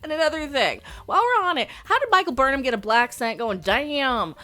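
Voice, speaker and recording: A woman's voice: high voice, big pitch swings, quick pace, bright, forceful tone, soft background music. A woman hosting her own channel, giving a blunt, sarcastic, rambling opinion rant broken up by laughs. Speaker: channel host.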